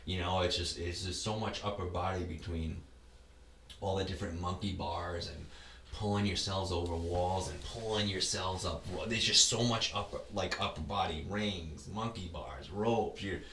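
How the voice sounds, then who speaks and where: A man's voice: deep voice, fairly even intonation, normal speed, a bit bright, reverberant, recorded from a distance, slight background noise. A man talking as a podcast guest in casual conversation, rambling and often restarting his words. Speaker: podcast guest, ultra race runner.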